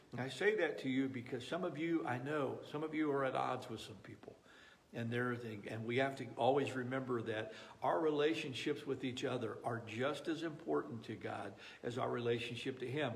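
A man preaching a sermon as a pastor, talking in an earnest, pleading way with frequent restarts. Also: mid-range voice.

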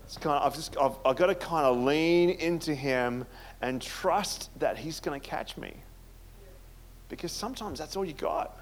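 A man preaching a conversational sermon in a chatty, self-deprecating way, often dropping to a soft, hushed tone. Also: a little high, moderate pace. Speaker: pastor.

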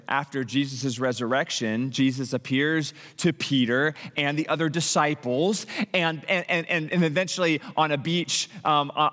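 Animated male pastor in a reverberant hall. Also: on the high side. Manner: animated storytelling with frequent restarts and acted-out quotes. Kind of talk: sermon.

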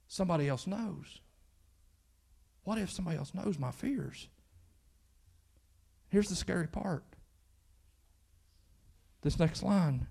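High-voiced Kentucky pastor preaching. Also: male voice, takes it slowly, gravelly, pauses often, a little mellow, slightly rough. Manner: conversational, building to fervent emphasis. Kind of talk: sermon. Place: church.

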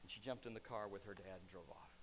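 A man preaching a sermon to a church, swinging from hushed, quiet passages to loud, driving ones. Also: fairly low pitch, quick pace, slightly rough. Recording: echoey hall reverb.

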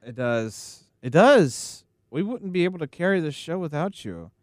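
A man's voice: a little high, animated, normal speed, no room sound. A man hosting a comedy podcast and chatting in a playful, joking way. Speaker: podcast host. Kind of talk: casual chat.

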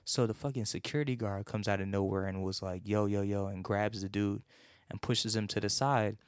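A man's voice: fairly low pitch, steady tone, fairly quick, dry recording. A man hosting a show, ranting casually with heavy swearing and rambling restarts. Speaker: host. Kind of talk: casual profane rant.

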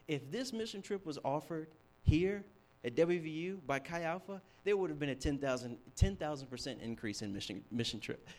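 A young man preaching a sermon, telling a story with animated shifts from hushed to loud. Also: mid-range voice. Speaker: campus ministry preacher.

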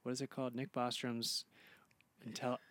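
A man's voice: mid-range voice, flat delivery, normal speed, fairly bright tone, dry recording. A man co-hosting a book podcast, musing aloud with many fillers and restarts. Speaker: podcast co-host. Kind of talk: casual book-club chat.

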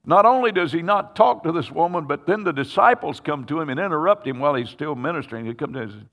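A man preaches a sermon, acting out the people in a scripture story with plenty of drama. His voice sits a little high for a man. It rings with long reverb, as in a large hall. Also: expressive, quick pace, few pauses, a bit bright.

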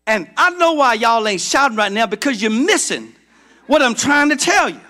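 A middle-aged man from Georgia preaching a sermon as pastor, building to shouts and calling out to the congregation. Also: very high-pitched, very animated, normal speed. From Georgia, United States.

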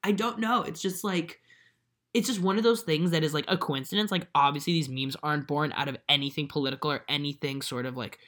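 A woman's voice: low voice, a little fast. A woman in her twenties co-hosting a podcast, telling stories in casual chat, acting out quotes with lots of fillers. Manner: animated storyteller, acts out quotes, many fillers. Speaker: podcast co-host.

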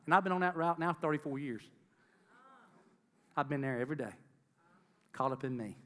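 A man's voice: a little high, moderate pace, long pauses, fairly bright tone, big-room sound. A middle-aged man giving an earnest testimony sermon to a congregation, repeating phrases for emphasis and calling out to the crowd. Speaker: lay preacher.

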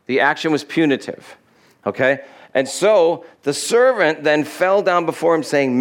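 A man's voice: expressive, measured pace. A male pastor preaching an expository sermon in a conversational way, asking his listeners questions and acting out the quoted lines. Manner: acts out quoted lines with shifts in pitch and pace.

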